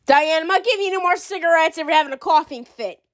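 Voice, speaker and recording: A woman's voice: very high-pitched, fast, a bit bright, no echo, clean studio sound. A woman performing a comedic character skit, chatting in a teasing, fretful way.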